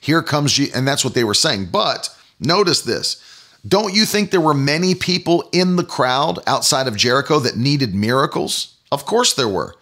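A man preaching a sermon, emphatic, building to loud exclamations on key phrases. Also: medium pitch, sing-song, normal speed.

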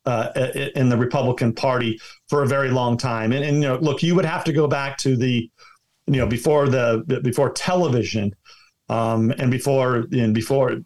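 A man's voice: mid-range voice, darkish tone. A man talking as a guest in an interview, giving emphatic partisan commentary full of restarts and repeated words. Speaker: political guest.

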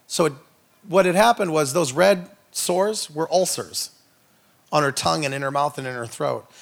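A man with a fairly high, slightly bright voice and some vocal fry speaks as a guest speaker and itinerant minister. He gives a humorous testimony sermon, telling a story sprinkled with jokey asides to the audience.

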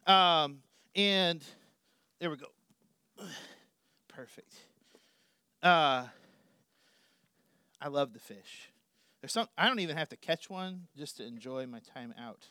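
A middle-aged male pastor preaching a sermon, animated, swinging between loud emphasis and quiet asides. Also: a little high, measured pace, pauses often, no room sound, clean studio sound.

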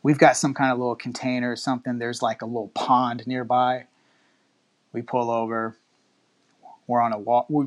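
A man in his thirties from Texas tells a long road-trip story in casual, profanity-laden chat. His delivery is loose and rambling, with sudden jumps into quoted voices, and his pitch sits in an ordinary middle range.

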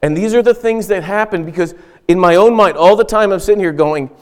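A man's voice: high voice, a little fast, darkish tone. A middle-aged man preaching a sermon as pastor in a church, talking in an earnest, conversational way and repeating key phrases for emphasis.

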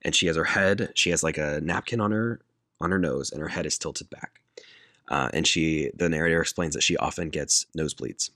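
A man casually retelling a movie plot to a friend, laughing often and quoting characters in a flat deadpan. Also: very deep voice, a little fast, dry recording, clean studio sound. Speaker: podcast co-host retelling a movie. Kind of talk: casual chat.

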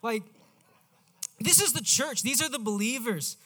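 A man preaching a sermon in a casual, animated storytelling manner. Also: very high-pitched, unhurried.

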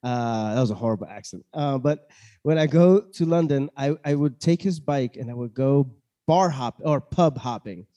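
A man hosts a relaxed podcast chat with a warm, mellow tone. He jokes easily with his guest and fills the gaps with "uh" and "like" as he rambles through his stories. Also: mid-range voice, normal speed, dull audio. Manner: chatty, joking, many fillers. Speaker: podcast host. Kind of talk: casual interview chat.

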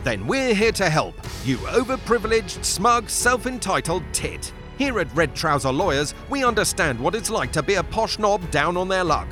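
A man's voice: sits high, very animated, bright, forceful tone, soft background music, exaggerated voice. A man playing a sneering ad announcer. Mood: mocking. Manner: mocking, rapid-fire insults in an advert voice. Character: sneering male TV-ad announcer for a law firm. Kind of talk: comedy radio sketch.

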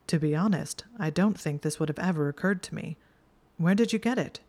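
A snide, proud young wizard with a dry drawl, voiced by a woman reading a storybook aloud. His tone stays low and cool, barely set apart from the reader's own. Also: brisk, a little mellow.

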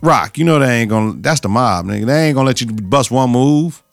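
A man's voice: medium pitch, expressive, brisk, vocal fry, no room sound, faint music behind. A man hosting a podcast, recapping a TV episode in loose, slang-heavy casual chat with repeated catchphrases.

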